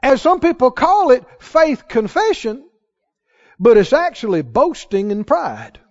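A man's voice: very high-pitched, very animated, measured pace. Man, sermon, emphatic preacher, questions to the congregation, muffled lo-fi recording. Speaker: pastor.

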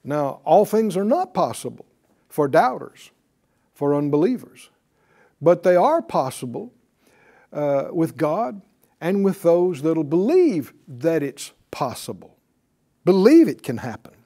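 A man's voice: a little high, big pitch swings, takes it slowly, dark tone. A man teaching a Bible class in a preaching style, repeating key words and calling on the class to answer. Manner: emphatic, repeats key words, calls for responses.

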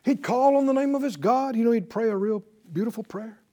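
A man's voice: extremely high pitch, brisk, mellow, voice pushed up. A man voicing a proud, insulted commander from a Bible story, complaining indignantly.

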